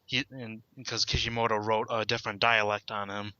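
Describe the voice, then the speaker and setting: A man's voice: fairly low pitch, little pitch movement, a little fast, bright, forceful tone, no room sound. A man on a casual podcast, reading manga dialogue aloud with stammers and laughs. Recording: dull lo-fi dry sound.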